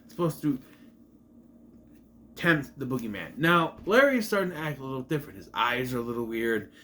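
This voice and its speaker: A man's voice: medium pitch, big pitch swings, a little fast, pushed and bright, a little hiss or hum. A man casually recapping a movie, rambling and trailing off into asides. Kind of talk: casual film recap commentary.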